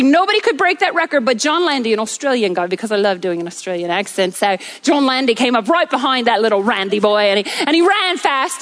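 A woman preacher delivering an energetic sermon on a church stage, telling stories with rhythmic repetition. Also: sits high. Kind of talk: sermon with storytelling.

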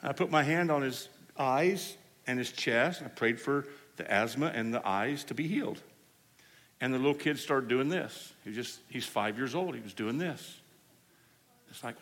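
A man preaching a sermon, telling healing stories in an animated way and acting out the people he quotes. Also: mid-range voice, normal speed. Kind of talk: storytelling sermon. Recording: hall reverb.

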